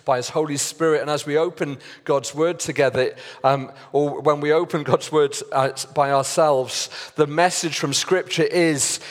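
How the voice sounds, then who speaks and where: A man preaching a sermon as pastor, earnest and deliberate with pauses and fillers. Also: on the high side. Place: church hall. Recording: long reverb of a church hall.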